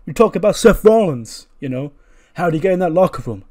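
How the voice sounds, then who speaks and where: A man's voice: high voice, lively intonation, a little fast, voice pushed up. A man voicing a brash, hot-headed young male wrestler cutting an angry promo and calling everyone "Uso". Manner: shouty, repeating "Uso" as a tag.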